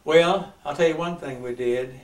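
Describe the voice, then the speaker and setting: An older man reminiscing in a family interview, talking haltingly with many pauses and restarts. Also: a little high, echoey room, far from the mic, poor audio.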